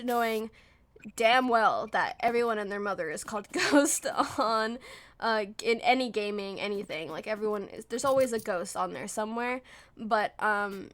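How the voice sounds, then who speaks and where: A woman's voice: a little high, normal speed, fairly bright tone. A young woman talking over her game build footage, rambling and apologizing with a self-deprecating, laughing manner. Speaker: gaming video creator.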